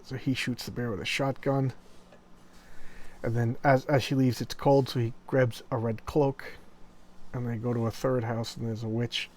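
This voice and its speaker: A man's voice: medium pitch, flat delivery, normal speed, a little mellow. A man casually reviewing old horror comics, retelling the stories with enthusiasm and a rambling, chatty manner. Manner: enthusiastic, rambling, acts out quoted lines in passing. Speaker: comic book video host.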